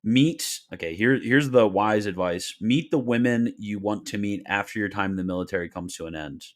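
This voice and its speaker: A man's voice: on the low side, normal speed. A man casually hosting a livestream Q&A, reading viewer questions with wry, joking asides and frequent laughter.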